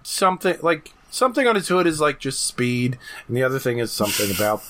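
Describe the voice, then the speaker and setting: Animated podcast co-host, mid-pitched voice. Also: a little hiss or hum. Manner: animated, quick asides, frequent laughs. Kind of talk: casual episode discussion.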